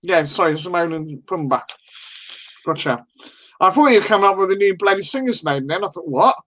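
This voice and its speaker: A man chats casually with friends on a live stream, wandering from topic to topic with cheeky swearing. His voice sits high and sounds bright and forward. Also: animated, brisk. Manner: rambling, swearing, laughing banter.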